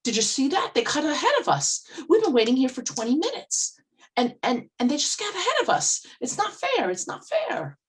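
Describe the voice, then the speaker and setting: A woman's voice: deep voice, lively intonation, unhurried, far from the mic. A woman voicing a stressed, angry woman shopper in a grocery line who keeps repeating herself indignantly.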